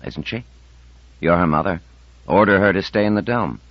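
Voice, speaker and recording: Narrator doing a slow, dry-witted man, deep, flat dull sound. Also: no echo. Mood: wry. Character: calm, wry middle-aged man, deliberate. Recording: dull dry audiobook recording.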